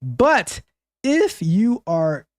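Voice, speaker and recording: Animated, emphatic male show host. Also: high-pitched, extremely slow, dry recording, studio quality. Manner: animated, emphatic, repeats phrases. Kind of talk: casual call-in advice show.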